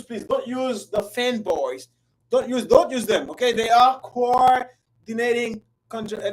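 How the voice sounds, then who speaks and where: A woman with a fairly high voice teaches English in a live class. She coaxes her students and repeats her questions. Her delivery is playful and lively, and her volume rises and falls. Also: slight background noise, rough recording. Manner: playful, coaxing, repeats herself often; lively, swings between loud and soft. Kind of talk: live online language class.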